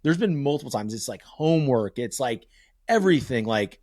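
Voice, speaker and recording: A male podcast host with an ordinary, mid-range voice who talks candidly and swears freely. He tells family stories in an animated way. His voice is picked up close and dry on a podcast mic. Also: mid-range voice, moderate pace, no echo. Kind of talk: casual podcast conversation.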